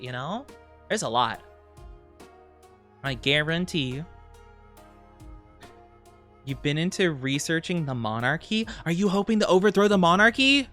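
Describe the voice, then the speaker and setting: Giggly, animated woman streamer. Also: low-pitched, a little slow, long pauses, faint music behind. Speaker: VTuber streamer. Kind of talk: casual live-stream chat with viewers.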